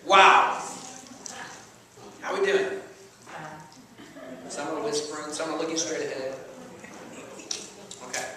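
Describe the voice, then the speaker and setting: A man's voice: a little high, fairly even intonation, takes it slowly, pauses often, very noisy. Guy preaching in a big echoey church, kinda far from the mic, chatty and playful, keeps asking the crowd okay?. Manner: conversational, playful, keeps checking in with the congregation. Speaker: pastor. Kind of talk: sermon. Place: church sanctuary.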